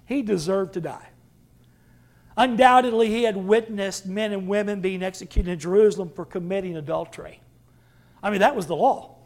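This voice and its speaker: A man preaching a sermon with dramatic swings from loud to hushed. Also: sits high. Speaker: pastor.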